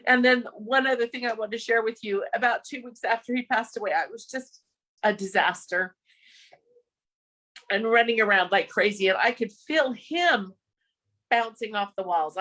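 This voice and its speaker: A woman's voice: on the high side, normal speed, fairly bright tone. A woman telling a personal story of loss in an earnest, emotional way, laughing now and then through her grief. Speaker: podcast guest.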